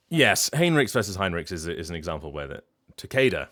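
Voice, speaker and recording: A man from Britain with a low voice talks on his live stream in a loose, rambling way. He works as a voice actor and chats with plenty of fillers and restarts. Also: pushed and bright. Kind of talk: casual chat to a live stream. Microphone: streaming mic.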